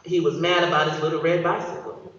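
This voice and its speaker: A woman's voice: low-pitched, level tone, a little fast, fairly bright tone. A woman in her thirties from Michigan, a guest speaker giving a graduation speech, telling a story and calling out to the audience. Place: large hall. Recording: echoey hall from far, dull.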